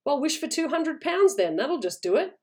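A woman's voice: high voice, sing-song, normal speed, a little mellow, pitched above the performer's own voice. A woman voicing a cheeky young man who teases his parents playfully. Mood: teasing. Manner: playful, mocking.

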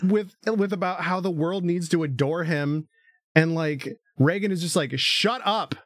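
A man co-hosting a casual anime podcast chat. He talks excitedly, laughs often, swears freely and acts out lines from the show. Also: on the high side, moderate pace, a little hiss or hum. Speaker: podcast co-host.

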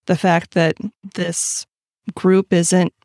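A woman's voice: fairly low pitch, flat delivery, very slow, darkish tone, dry recording, studio quality. A woman guesting on a podcast, giving frank opinions in casual talk full of fillers like "like" and "you know". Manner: frank, filler-heavy, speaks in bursts.

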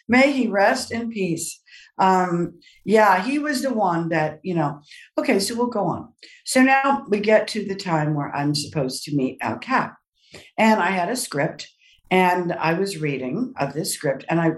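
An older woman as a podcast guest, telling an animated personal anecdote with laughs and quoted voices. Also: on the low side, a little slow, distant mic. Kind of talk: storytelling in a podcast interview.

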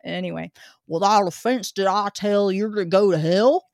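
A woman voicing a grumpy but chatty old male zookeeper, talking in a rough working-class dialect. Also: medium pitch, moderate pace, a little mellow, no room sound, clean studio sound, lightly acted. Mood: gruff.

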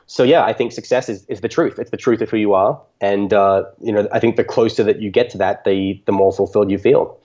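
A man's voice: on the low side, fairly even intonation, fairly quick, few pauses, warm tone, lo-fi sound. A man being interviewed on a podcast, answering reflectively with many ums and restarts. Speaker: music podcaster, guest.

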